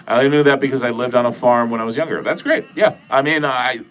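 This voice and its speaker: A man's voice: mid-range voice, a little fast, a bit bright, faint music behind. A man from Wisconsin with a nasal voice and a Wisconsin accent, rambling casually as a livestream host and swearing now and then. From Wisconsin, USA. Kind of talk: casual livestream chat with viewers.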